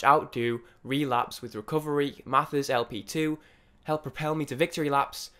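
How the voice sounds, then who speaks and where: A young man giving rambling, excitable off-the-cuff first impressions of an album, with many restarts and some swearing. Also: mid-range voice, smooth. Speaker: music reviewer.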